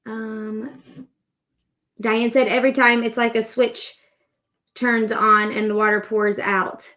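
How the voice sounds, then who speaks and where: A woman's voice: fairly high pitch, little pitch movement, takes it slowly, pushed and bright. A woman in her thirties hosting a crochet livestream, chatting in a rambling, upbeat way while she works. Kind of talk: casual chat while crocheting.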